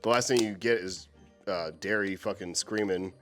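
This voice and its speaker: A man co-hosting a casual chat about horror movies, animated and swearing freely. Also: low voice, normal speed, faint music behind. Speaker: co-host.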